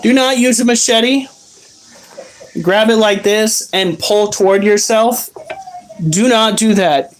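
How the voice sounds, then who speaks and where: A woman's voice: mid-range voice, takes it slowly, long pauses. A woman hosting a pet video, telling crude, laughing stories in casual chat. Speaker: pet channel host.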